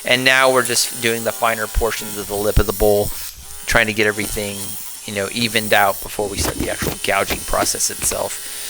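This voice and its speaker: Man, Texan accent, tired late-night voice-over, rambling, self-deprecating, bright tone, faint hiss behind. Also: fairly low pitch, little pitch movement, a little fast, rough recording. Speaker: woodturning channel host. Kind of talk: voice-over commentary on a woodturning project.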